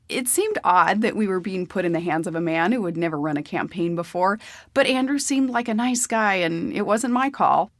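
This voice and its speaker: A woman's voice: medium pitch, normal speed, dry recording, clean studio sound. A woman narrating a memoir audiobook in a plain, conversational storytelling manner.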